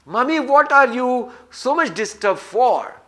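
A man's voice: very high-pitched, sing-song, unhurried, pushed and bright, voice pushed up, heavily acted. A man voicing a small cheerful boy who teases his mother. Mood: pleading. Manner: pleading, teasing.

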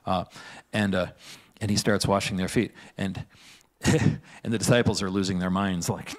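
A man preaching a sermon in a church, with a fairly low voice. He talks in a loose, conversational way, often checking in with "right?" and breaking into laughs. His delivery feels like easy chat with the congregation rather than a formal address. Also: fairly even intonation, normal speed. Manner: casual and chatty, often asks "right?" and laughs. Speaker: pastor.

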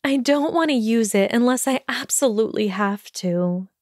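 A woman voicing an earnest, weary young witch student in a storybook reading, speaking quickly and pleadingly. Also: a little high, expressive, dry recording, studio quality, natural voice.

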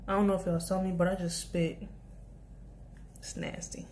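A woman's voice: on the low side, flat delivery, normal speed, a little mellow, a little hiss or hum. A young woman vlogger telling a casual storytime about her job, rambling with many restarts and asides. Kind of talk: storytime vlog.

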